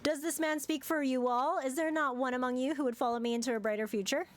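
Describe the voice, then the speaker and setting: A woman reading aloud the lines of a scheming, grandiose male usurper lord from a game, lightly acted and fairly quick. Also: high voice, fairly even intonation, a little hiss or hum, natural voice.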